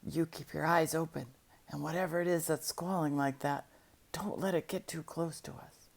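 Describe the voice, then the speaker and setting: A woman voicing a curious young country boy who talks in a hushed, whispery way to his dog. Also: on the low side, animated, a little fast. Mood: cautious.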